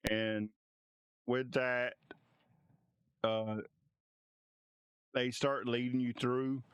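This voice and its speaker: A man narrating as game master of a tabletop game, halting and restarting often. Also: mid-range voice, level tone, smooth, no room sound. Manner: halting, many restarts and fillers.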